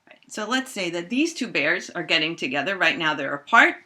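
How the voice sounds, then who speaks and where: Woman, chemistry teacher, animated, bright tone, playful lesson with toys. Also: brisk. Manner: animated, acts out toy bears in squeaky voices. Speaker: high school chemistry teacher.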